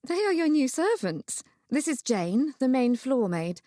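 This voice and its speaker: A woman voicing a kindly young sister-in-law who speaks in a reassuring, warm manner. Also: high voice, very animated, measured pace, dry recording, studio quality, pitched above the performer's own voice. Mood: explaining.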